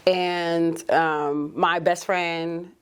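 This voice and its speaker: A woman's voice: on the low side, very slow, smooth. A woman in her twenties, a journalist guest telling her story openly in a podcast interview, acting out what people said. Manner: open, animated storyteller who acts out quotes. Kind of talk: candid conversational interview.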